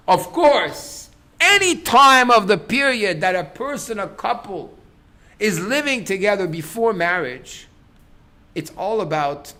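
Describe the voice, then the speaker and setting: A middle-aged man, a rabbi, giving a lecture to a class on relationships. He tells stories in a lively way, acts out what people say, and breaks into sudden loud outbursts. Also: high-pitched, unhurried. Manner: animated storyteller, acts out quotes, sudden loud bursts.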